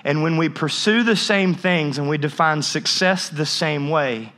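A man's voice: a little high, unhurried, fairly bright tone. A man in his thirties preaching a humorous sermon, telling a story with jokey asides and frequent restarts. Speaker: pastor.

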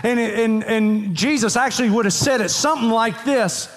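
In a church sanctuary, a pastor with an extremely high-pitched voice preaches emphatically at normal speed with few pauses. He repeats phrases and leads the congregation in reading verses aloud, and the large hall gives the recording a long reverb.

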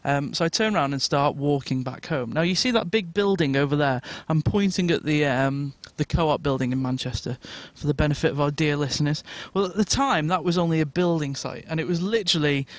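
A man on a podcast telling a long, funny story in a casual, animated way and laughing as he goes. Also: fairly high pitch, fairly quick, few pauses, no room sound. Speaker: podcast co-host.

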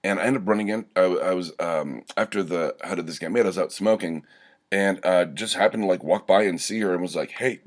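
A man's voice: sits low, fairly quick. A young man telling a personal story in a wry, sardonic monologue, full of fillers and restarts.

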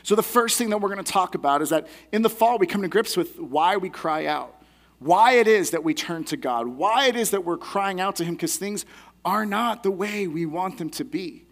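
A man's voice: high-pitched, animated, moderate pace. A young adult man giving a sermon as a pastor, teaching in a conversational, earnest way.

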